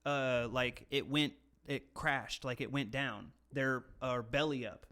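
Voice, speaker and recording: A man's voice: medium pitch, fairly even intonation, slow pace, bright, forceful tone. Young American man, podcast co-host. Crude, joking, casual delivery. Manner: crude, joking, reads slang lists aloud. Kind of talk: casual chat.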